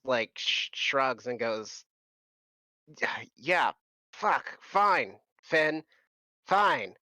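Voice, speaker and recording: A man's voice: mid-range voice, bright, forceful tone, dry recording. A man narrating a tabletop game as game master, rambling loosely and laughing between restarts.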